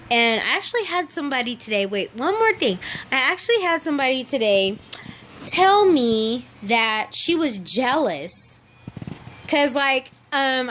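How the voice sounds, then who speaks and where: A young woman vlogger talks straight into her camera in a high, bright voice. She chats casually and animatedly, slipping into the voices of the people in her stories. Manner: chatty, animated storytelling, acts out quoted people.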